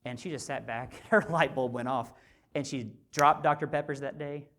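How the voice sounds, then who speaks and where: A male physician giving a motivational conference talk, conversational and animated, often asking the audience rhetorical questions. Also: mid-range voice, normal speed, a little hiss or hum. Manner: animated storyteller. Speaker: physician and speaker at a health summit.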